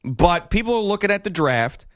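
A man's voice: high voice, very animated, normal speed, a bit bright, no echo, clean studio sound. A man co-hosting a sports radio show, talking casually and with wry jokes about football. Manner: wry, joking, laughs often.

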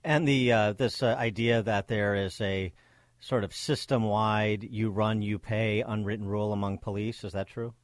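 A man hosting a radio interview, asking long, measured questions with many fillers. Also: on the low side, steady tone, dry recording. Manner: measured, hesitant, many fillers between phrases. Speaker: radio host.

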